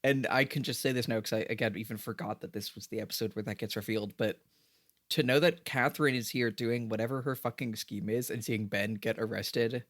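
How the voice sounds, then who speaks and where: A man's voice: mid-range voice, fairly even intonation, fairly quick, a bit bright. A man co-hosting a podcast, chatting casually in a rambling way full of fillers. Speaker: podcast co-host.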